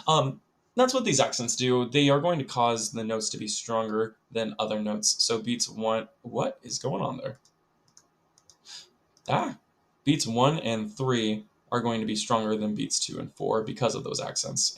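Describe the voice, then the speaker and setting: A young man teaching a recorded music lesson to children, chatty, talking straight to the students and filling pauses with lots of ums. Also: mid-range voice, gravelly, a bit bright. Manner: chatty, addresses students directly, many ums.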